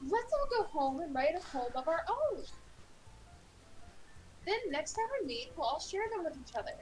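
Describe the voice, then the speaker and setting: A woman's voice: high voice, sing-song, normal speed, a little mellow, soft background music, poor audio. A woman reading a cheerful club leader girl. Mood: friendly. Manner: upbeat, friendly, persuasive.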